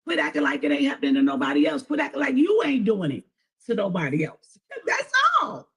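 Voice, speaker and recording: A woman's voice: fairly low pitch, sing-song, fast talker, breathy edge. A woman speaking bluntly and insistently in a casual commentary clip played on a stream.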